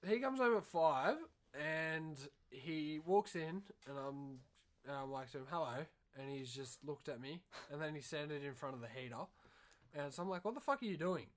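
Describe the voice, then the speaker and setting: Young Australian man, slightly high voice, rambling, sweary storyteller. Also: normal speed. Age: young adult. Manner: rambling, swears a lot, animated. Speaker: podcast co-host. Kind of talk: casual storytelling.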